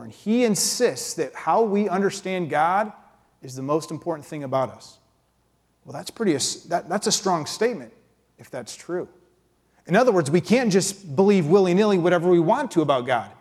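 Male preacher, conversational sermon delivery, fairly high voice, breaks into playful impressions. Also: darkish tone. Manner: conversational, acts out quick impressions with pitch jumps.

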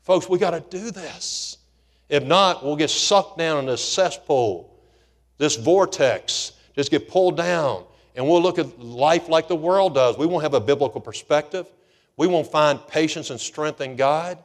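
A man's voice: a little high, unhurried. A man preaching a fervent sermon, rising to emphatic calls. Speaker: pastor.

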